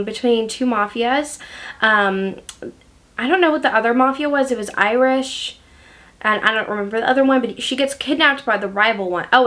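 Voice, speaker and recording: Chatty, gushing woman with a higher voice. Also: fairly bright tone. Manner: chatty and gushing, with many fillers. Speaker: book reviewer. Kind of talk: casual book review chat.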